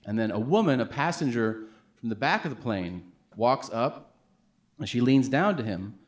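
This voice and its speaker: Male comedian, 40s, stand-up story, lively voice, acts out characters. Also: mid-range voice, moderate pace. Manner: animated, acts out the people in his stories.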